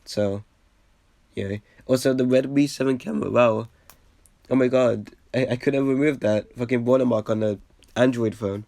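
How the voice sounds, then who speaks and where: A young man casually rambling over an old video, packed with "like" fillers and the odd swear, getting excited and then trailing off. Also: medium pitch, normal speed, creaky, no echo. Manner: excitable bursts, trails off with a quiet "yeah". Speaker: reaction video host.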